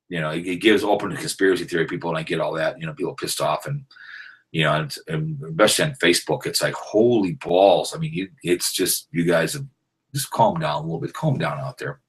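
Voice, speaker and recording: A man hosting a live-streamed sports podcast, rambling casually and breaking into loud, excited trash talk. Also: deep voice, breathy edge. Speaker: podcast host.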